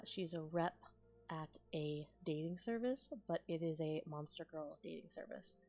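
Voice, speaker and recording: A woman chats casually to her stream, thinking aloud and looping back through half-finished ideas. Her voice sits a little low for a woman, with quiet music playing underneath. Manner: rambling, thinks aloud with restarts and soft laughs. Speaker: ASMR creator. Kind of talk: casual live-stream chat.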